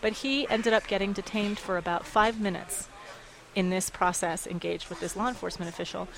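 A woman running an advocacy group, speaking in a radio interview with lively storytelling and frequent laughs. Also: mid-range voice, fairly quick, gravelly, low-quality recording. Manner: animated storytelling, quotes others, laughs often. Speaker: executive director of an advocacy group.

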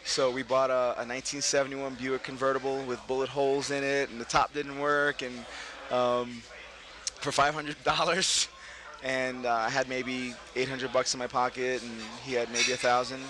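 A middle-aged man from Brooklyn, an actor being interviewed, telling stories casually and laughing often, jumping up in pitch when he quotes people. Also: normal speed. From Brooklyn, New York. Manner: animated, laughing, voices quotes with big pitch jumps. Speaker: actor, guest.

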